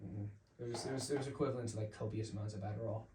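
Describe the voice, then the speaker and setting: A young man tells a long story as a podcast guest, full of "like" and restarts, now and then slipping into other people's voices. His voice sits at an ordinary middle pitch. The sound is roomy and a little distant, with faint hiss. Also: steady tone, very fast. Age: young adult. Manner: rambling, lots of "like", acts out voices. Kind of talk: casual storytelling. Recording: echoey room, mic at a distance, faint hiss.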